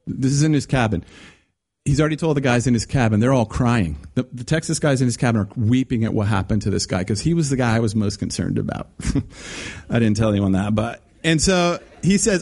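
A man preaching a sermon, telling a story in an animated, emphatic way with frequent restarts. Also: medium pitch, brisk.

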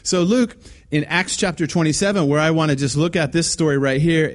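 A man's voice: fairly high pitch, brisk. A man preaching a conversational sermon, acting out quoted voices with many restarts. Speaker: guest preacher.

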